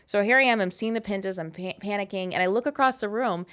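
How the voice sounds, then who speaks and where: A woman in her thirties telling a personal story in a casual, animated, candid way, with frequent swearing. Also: mid-range voice, quick pace, clear, resonant tone. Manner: animated, candid and profane, with many "like" fillers. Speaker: host.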